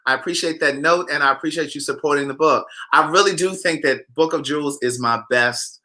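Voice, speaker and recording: Male host, sassy, animated gossip chatter, very bright and forceful tone. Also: on the high side, brisk. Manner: animated, sassy, talks straight to viewers. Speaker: author hosting a live chat. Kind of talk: casual gossip chat reading viewer comments.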